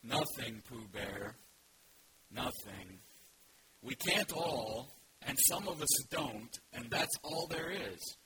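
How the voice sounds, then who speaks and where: A man voicing Eeyore, a gloomy old gray male donkey, in a slow, mournful, resigned way. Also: mid-range voice, expressive. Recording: loud background noise.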